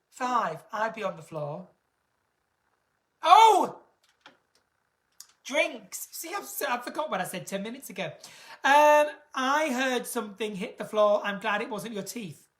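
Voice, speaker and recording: A British woman chatting camply on a live stream from home, reading out viewer comments with big theatrical swings in pitch and loudness. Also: lively intonation, normal speed. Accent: British English. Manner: camp, theatrical, reads viewer comments aloud. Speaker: singer hosting a live stream.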